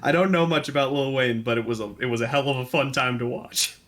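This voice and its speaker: A man's voice: mid-range voice, fast talker, a bit bright. A young man co-hosting a podcast, chatting eagerly with stammered restarts and frequent laughs. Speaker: podcast co-host. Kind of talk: casual chat.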